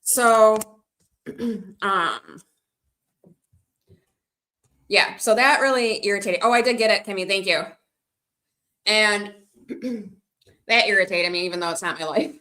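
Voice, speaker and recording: A woman's voice: medium pitch, slow, pauses often, pushed and bright. A woman livestreaming to her viewers, chatting casually and rambling between stories and replies to comments. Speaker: livestreaming vlogger. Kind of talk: casual live-stream chat.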